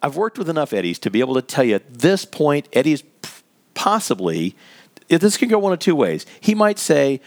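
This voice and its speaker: A man's voice: on the high side, sing-song, moderate pace, darkish tone. A man giving an instructional talk on workplace conversations, speaking conversationally and acting out scenarios. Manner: conversational, explains with acted scenarios, laughs lightly. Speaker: workplace communication trainer.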